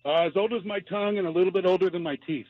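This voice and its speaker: A man's voice: high-pitched, no echo. Jokey older man on a phone line. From London. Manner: jokey, quick with comebacks. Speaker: caller. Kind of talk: phone-in chat.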